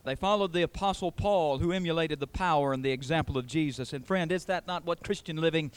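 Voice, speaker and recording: A man preaching a sermon with a fairly high voice. He presses his points hard, stacking repeated phrases as he builds. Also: fast talker, clean tone. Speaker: pastor.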